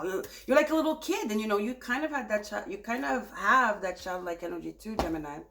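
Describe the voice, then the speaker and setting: A woman giving a casual tarot reading, speaking softly and soothingly and turning animated when she gets excited. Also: a little high, fast talker. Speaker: tarot reader.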